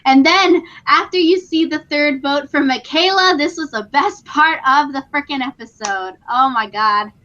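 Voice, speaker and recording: A young woman co-hosting a podcast in casual, excitable chat, full of "like" and quick laughs. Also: sits high, highs cut off, a little hiss or hum. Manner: chatty, excitable, frequent "like" and laughs. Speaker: podcast co-host.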